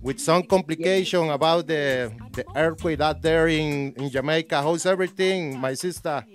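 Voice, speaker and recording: A man hosting a radio interview in English, halting and often repeating words. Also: fairly high pitch, faint music behind. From Costa Rica. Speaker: radio host.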